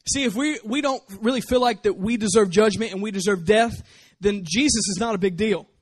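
Male pastor, fairly high voice, dry close sound, emphatic sermon delivery full of rhetorical questions. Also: fairly quick, breathy edge, no room sound.

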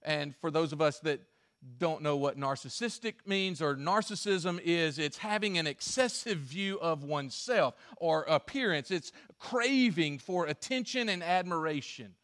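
A male pastor preaching a sermon and telling a story, swinging from emphatic stretches to hushed ones. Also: fairly high pitch, lively intonation, measured pace.

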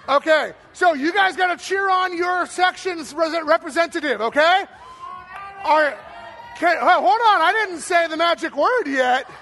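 A man hosting a game on stage for a church audience, then speaking to them. He is energetic and playful, shouting cheers and countdowns and tossing in jokes. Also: very high-pitched. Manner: playful, joking asides. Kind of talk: live stage talk to an audience.

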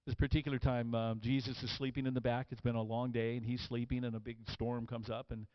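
Pastor guy preaching, goes quiet then loud, acts out the voices, dry kinda muffled sound. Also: mid-range voice, flat delivery, fast, dry recording. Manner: swings from hushed to loud and emphatic; acts out quoted voices with dramatic emphasis. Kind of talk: sermon.

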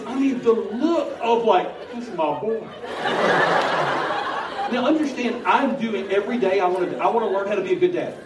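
A middle-aged man preaching a story with humor, animated, shifting from loud bursts to hushed earnest telling. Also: high-pitched. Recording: echoey hall from far off, noisy.

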